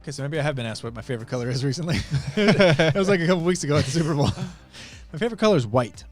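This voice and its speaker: A man co-hosting a casual live podcast, relaxed and a bit self-deprecating, hedging his opinions. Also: on the high side, very fast, faint music behind. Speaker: podcast co-host. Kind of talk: casual live-stream chat.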